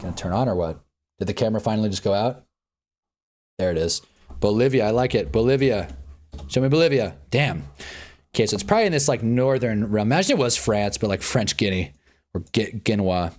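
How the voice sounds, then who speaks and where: A man's voice: fairly low pitch, lively intonation, fairly quick, a little mellow. A man hosting a livestream in casual chat, thinking aloud, muttering and swearing now and then. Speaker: livestream host. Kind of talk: casual live-stream chat.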